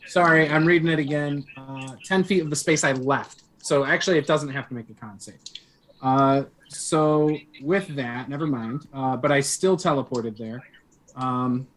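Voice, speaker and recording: A man with a medium-pitched, slightly bright voice talks at a normal pace over a faint hiss or hum. He's a player in a tabletop game streamed online, thinking aloud hesitantly as he works out his turn.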